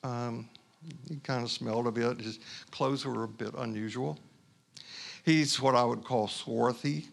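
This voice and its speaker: A male pastor from Houston, Texas telling a personal story in a sermon, conversational and halting with asides. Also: mid-range voice, steady tone, vocal fry.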